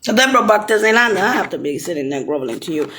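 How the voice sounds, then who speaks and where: A woman in a rambling monologue who swears a lot and swings from shouting to whispering. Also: mid-range voice, sing-song, fast, a little hiss or hum.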